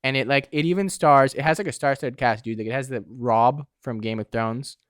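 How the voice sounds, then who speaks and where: A man's voice: medium pitch, brisk, no room sound. Laid-back young man, dry close sound. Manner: laid-back, says "dude" and "like" a lot. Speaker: podcast co-host. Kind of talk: casual chat.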